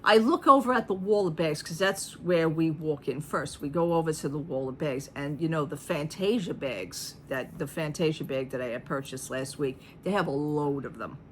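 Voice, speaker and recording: A woman's voice: low voice, moderate pace, hardly any pauses, a little hiss or hum. Chatty woman telling a shopping story. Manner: chatty, animated retelling, acting out the people in her story; sarcastic asides. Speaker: vlogger. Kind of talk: casual storytime vlog.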